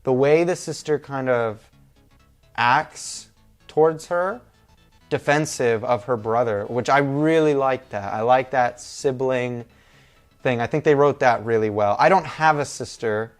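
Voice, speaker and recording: A man's voice: mid-range voice, a little slow, soft background music. A young man talking through a movie review in a casual, rambling, informal way.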